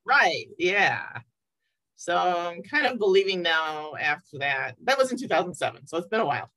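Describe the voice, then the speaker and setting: A woman guest in a casual interview, talking in a lively, reflective way with a husky voice. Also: on the low side, moderate pace. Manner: lively, reflective, laughs easily.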